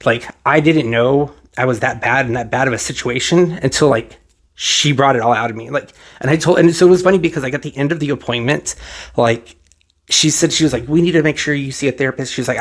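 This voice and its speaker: Fast-talking man rambling through a personal story. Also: mid-range voice. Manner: rambling, many fillers and restarts, retells dialogue; emotional, close to tears at moments. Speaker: vlogger. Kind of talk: casual personal story to camera. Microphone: personal microphone.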